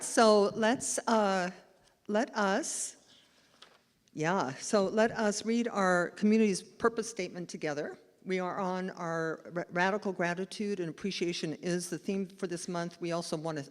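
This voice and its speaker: A woman minister giving a lively, chatty storytelling sermon at a live church service. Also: fairly low pitch. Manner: chatty and animated, laughing as she tells the story. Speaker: spiritual director and minister. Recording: long hall reverb in a church.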